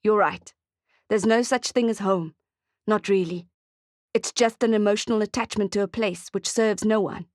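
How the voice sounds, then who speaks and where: A woman reading the part of a calm, soft-spoken, spiritually detached man in a measured way. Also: medium pitch, dry recording, studio quality, natural voice. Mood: serene.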